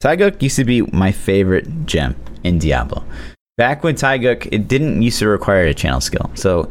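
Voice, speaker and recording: Casting: deep-voiced male gaming podcaster, swoopy lively delivery, faint background hiss. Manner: animated, rambling, filler-heavy. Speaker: podcast co-host. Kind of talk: casual gaming chat.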